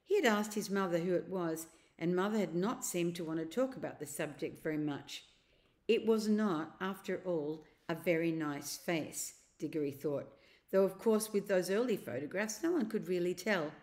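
A woman reading a children's novel aloud, narrating in a steady, expressive way. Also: fairly low pitch, normal speed. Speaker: storyteller.

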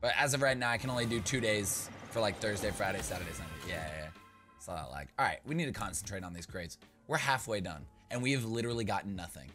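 A young man chatting loosely to his viewers while playing, with a bright, forward tone and a voice that leaps up and down constantly. He rambles and jokes, now and then bursting into loud goofy shouts. Faint music plays underneath. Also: lowish voice, expressive, quick pace, few pauses. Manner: rambling, joking, swings into loud playful outbursts. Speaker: gaming YouTuber. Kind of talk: casual gaming commentary.

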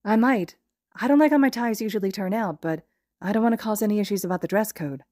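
A woman's voice: mid-range voice, quick pace, mellow, no echo, clean studio sound, voice pushed up, close to an everyday voice. A woman voicing a confident, cheerful teenage boy in an audiobook-style fan reading, speaking bluntly and without a filter.

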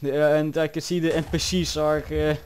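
A man with a somewhat high voice narrating his game in frantic bursts. He panics, exclaims and swears constantly, with faint clicks and typing behind him. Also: level tone, normal speed, a little mellow, slight background noise. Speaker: gameplay commentator. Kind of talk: let's-play commentary.

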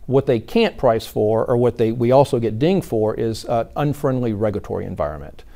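A man speaks in a dark, mellow tone with a gravelly edge. He answers interview questions earnestly, often repeating words as he starts a thought. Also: mid-range voice, expressive, fairly quick. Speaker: insurance commissioner-elect.

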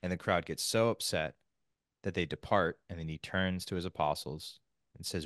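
A man on a podcast, explaining his point in an articulate, measured way. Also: deep voice, fairly bright tone, dry recording, studio quality. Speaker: podcast guest. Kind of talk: casual podcast discussion.

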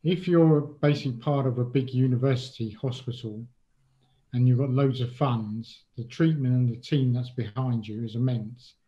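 A man's voice: medium pitch, moderate pace, dark tone, muffled recording. A middle-aged man from England, a guest in an interview, speaking casually and hesitantly, with many ums and restarts.

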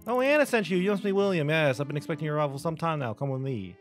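A man's voice: on the high side, expressive, racing, soft background music, natural voice. A man voicing an eccentric male undertaker and disgraced mob doctor, with a mock-posh put-on accent and formal phrasing. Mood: smug, formal.

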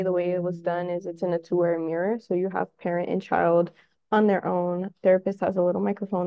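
A woman's voice: on the low side, muffled recording. A woman therapist giving a conversational talk to parents, acting out little scenes with children as she explains. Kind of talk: presentation to parents.

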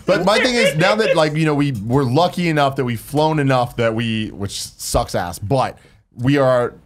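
A man's voice: mid-range voice, animated, normal speed. A man co-hosting a casual podcast chat, talking emphatically and swearing freely. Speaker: podcast co-host.

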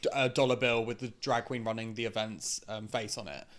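A man's voice: lowish voice, a little fast. Man, from the UK, podcast co-host, laid-back anecdotes, casual talk. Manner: relaxed anecdotes with acted-out quotes. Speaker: podcast co-host, drag performer.

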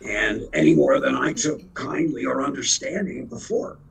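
A man's voice: mid-range voice, very animated, normal speed, fairly bright tone, poor audio. A man in his eighties from the Philadelphia area, a veteran actor telling rambling stories as an interview guest. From Philadelphia area, USA. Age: 80s. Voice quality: gravelly, very raspy. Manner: rambling anecdotal storyteller. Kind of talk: casual storytelling interview.

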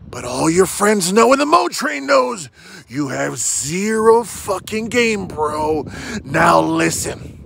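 Brash man yelling a profane roast. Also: on the high side, creaky, noisy background. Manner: brash, profane, yelling, says bro constantly. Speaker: comedian doing a paid roast video. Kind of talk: shouted comedy roast.

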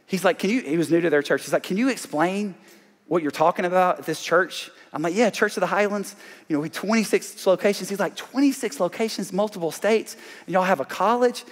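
A Southern man from Alabama preaches in a large church auditorium, his voice set somewhat high. He drives his points home with call-outs to the congregation, and a long hall reverb trails behind every phrase. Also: fast talker. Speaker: pastor. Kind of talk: sermon.

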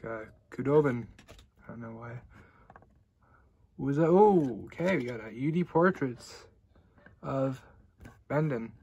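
A young man hosting a casual card-opening video, chatting loosely and getting excited at good pulls. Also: mid-range voice, a little slow, pauses often, slightly rough, highs cut off. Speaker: card-opening channel host.

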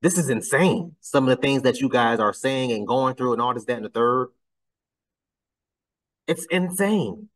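A man's voice: medium pitch, a little fast, hardly any pauses, a bit bright, recorded from a distance, low-quality recording. A man hosting a casual reaction commentary, talking bluntly and getting exasperated, his voice climbing when he is incredulous. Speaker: commentary channel host.

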